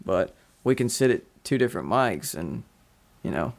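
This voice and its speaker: A man's voice: fairly low pitch, big pitch swings, moderate pace, gravelly. A man hosting a podcast in casual chat, rambling with many fillers and restarts. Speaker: podcast host.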